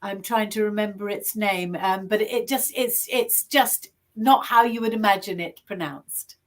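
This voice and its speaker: A woman from England, a guest author chatting on a video call, friendly and quick to laugh. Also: medium pitch. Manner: chatty, laughs often, restarts. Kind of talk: conversational interview.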